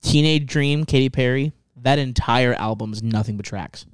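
A man's voice: medium pitch, normal speed, clean tone, no echo. Laid-back swearing man on a podcast. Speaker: podcast co-host. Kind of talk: casual chat.

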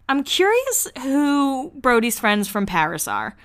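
A young woman hosting a podcast, recapping a reality show in a gossipy, casual way with low asides. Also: huge pitch swings, slow, few pauses, fairly bright tone. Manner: chatty, gossipy, laughs often, drops into low asides. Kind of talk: casual chat.

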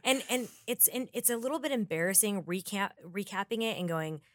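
A woman's voice: medium pitch, brisk, fairly bright tone, no echo, clean studio sound. A woman guest on a podcast, talking emphatically and retelling her stories dramatically. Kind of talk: casual interview chat.

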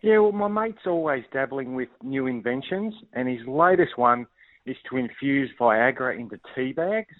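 A man's voice: mid-range voice, animated, normal speed, dry recording. Man telling a joke by phone. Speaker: comedy caller. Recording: tinny phone line.

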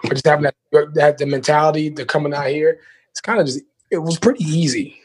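A young man from New York, a guest DJ, speaking hoarsely in a laid-back way and often saying "you know what I'm saying.". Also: a little high, quick pace. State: hoarse from lost voice. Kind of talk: casual interview.

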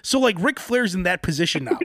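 A man co-hosting a casual wrestling podcast who laughs a lot and breaks into loud mock shouts. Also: high voice, very animated, a little fast, no echo, clean studio sound. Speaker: podcast co-host. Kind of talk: casual chat.

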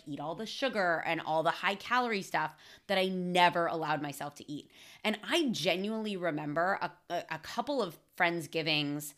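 A woman's voice: fairly low pitch, fairly bright tone. A woman hosting a podcast, chatting casually with lots of fillers and an audible smile. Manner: audibly smiling. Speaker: podcast host.

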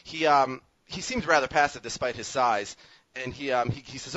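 A man from Minnesota with a New York accent, hosting a podcast and telling a story in an animated, self-mocking way, with quick restarts. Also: mid-range voice, no room sound. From Minnesota, USA. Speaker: podcast host. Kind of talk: casual storytelling chat. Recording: dry, slightly muffled sound.

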